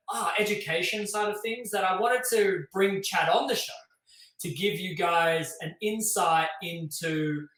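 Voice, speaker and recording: A man's voice: high voice, a bit bright, recorded from a distance. An Australian man hosting a casual talk show, chatty and loose with lots of fillers. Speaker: show host. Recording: echoey room.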